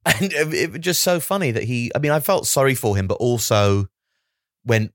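A man co-hosting a podcast, chatting casually with wry, deadpan asides. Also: mid-range voice, moderate pace, no room sound, clean studio sound. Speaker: podcast co-host. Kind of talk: casual comic chat.

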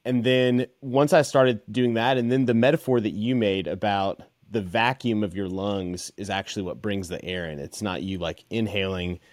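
A man hosting a podcast, chatting in a relaxed, conversational way with many fillers. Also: on the low side, normal speed, hardly any pauses, no echo. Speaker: podcast host. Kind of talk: casual interview chat.

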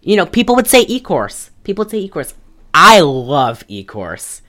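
A woman's voice: low-pitched, moderate pace. A woman hosting a local podcast in casual chat, telling stories with lots of laughter. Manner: animated, laughing, chatty storytelling. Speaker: podcast host. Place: local area in Michigan, lives in Taylor.

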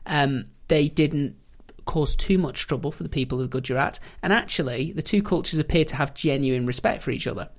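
A man's voice: on the high side, a little fast, hardly any pauses. A man hosting a podcast, telling history in a casual, jokey way and laughing often. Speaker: podcast host.

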